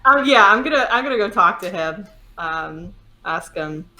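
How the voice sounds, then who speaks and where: A woman's voice: medium pitch, expressive, normal speed, pushed and bright. A young woman playing a tabletop game, in a giggly, playful way. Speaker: player. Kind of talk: casual tabletop play.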